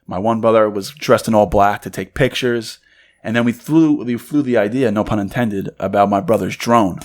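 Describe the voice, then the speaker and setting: A young man co-hosting a podcast, casually telling a rambling, excited story and acting out the voices of the people in it. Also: lowish voice, moderate pace. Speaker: podcast co-host. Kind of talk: casual chat.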